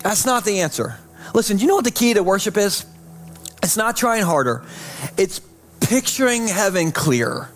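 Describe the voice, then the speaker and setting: A man preaching as pastor, casual and chatty, dropping low and slow each time he repeats "holy.". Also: expressive, soft background music. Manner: repeats "holy" softly and slowly, chatty asides. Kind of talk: sermon.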